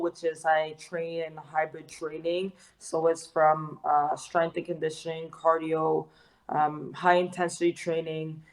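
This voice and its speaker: A young Canadian woman, a fitness trainer and artist, is a guest in a casual interview, speaking in a fairly low voice with lots of slang, fillers and swearing. The recording is rough.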